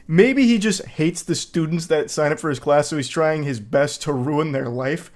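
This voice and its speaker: A man's voice: on the high side, moderate pace, a little mellow. A man hosting a comedic reaction commentary, talking sarcastically and sounding incredulous at what he watches. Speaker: host reacting to videos.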